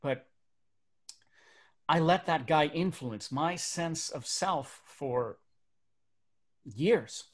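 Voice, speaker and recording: Animated magician telling stories. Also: male voice, fairly high pitch, extremely slow, pauses often. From Burbank, United States. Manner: animated, comic timing, drops to quiet for serious beats. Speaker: magician and motivational speaker. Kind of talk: stand-up storytelling for a virtual audience. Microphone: webcam setup.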